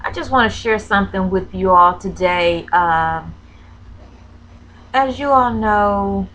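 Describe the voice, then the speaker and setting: A woman's voice: mid-range voice, slow, fairly bright tone, poor audio. A woman vlogger telling a personal story, hesitant and full of ums and self-corrections, close to tears as she talks. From Florida. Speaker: crafting vlogger.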